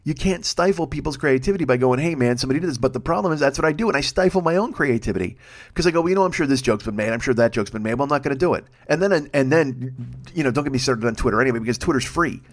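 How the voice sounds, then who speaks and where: A man's voice: medium pitch, lively intonation, racing. A man of fifty ranting in a solo monologue, rambling and self-deprecating, swearing often. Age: 50s. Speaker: podcast host. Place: home, recording late at night.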